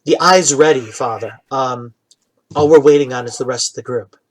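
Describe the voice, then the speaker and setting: A man playing a businesslike young woman who lays out the terms of a deal. She speaks quietly and practically, in the game master's own plain voice. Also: mid-range voice, close to an everyday voice, low-quality recording. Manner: brisk and practical, quietly spoken.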